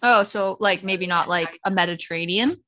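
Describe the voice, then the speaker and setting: A woman co-hosting a casual chat, chiming in with quick reactions. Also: medium pitch, pushed and bright.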